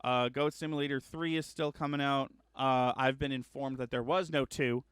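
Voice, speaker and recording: A man hosting a casual gaming news chat, rambling with lots of ums and uhs and correcting himself, getting excited about upcoming games. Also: mid-range voice, moderate pace, clear, resonant tone, no echo, clean studio sound. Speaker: gaming news show host.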